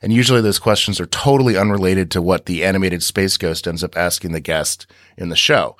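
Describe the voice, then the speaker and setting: A man's voice: low voice, steady tone, brisk, fairly bright tone, dry recording, clean studio sound. A man co-hosting a podcast, recapping scenes in a rambling way with many restarts. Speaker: podcast co-host. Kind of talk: casual podcast discussion.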